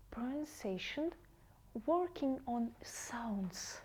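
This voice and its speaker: A woman English teacher giving a TV lesson to children, saying each word slowly and carefully and repeating it twice. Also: fairly high pitch, sing-song, a little mellow.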